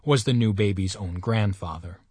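A man reading a story aloud in measured, expressive audiobook narration. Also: lowish voice, breathy edge, dry recording, studio quality. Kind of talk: scripted narration.

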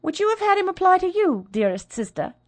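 Jealous proud young woman, read by a woman, passionate, bitter, low voice. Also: very animated, moderate pace.

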